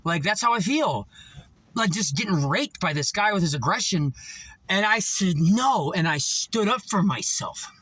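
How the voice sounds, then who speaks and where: A man's voice: high-pitched, a little slow, husky, no room sound. A man giving a rambling, profane motivational monologue, telling his stories with animation and many fillers. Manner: animated storytelling. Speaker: motivational vlogger.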